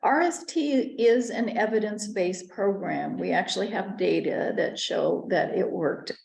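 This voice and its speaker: Earnest woman speaker, mid-pitched with vocal fry, storytelling lecture in a roomy space. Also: unhurried, a little mellow. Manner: earnest, narrates personal stories with small restarts. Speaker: conference speaker.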